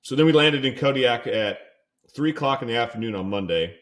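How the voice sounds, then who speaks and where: A man's voice: mid-range voice, expressive, brisk, fairly bright tone. A young man from California, co-hosting a podcast, telling a rambling casual story full of "like" and "dude". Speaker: podcast co-host.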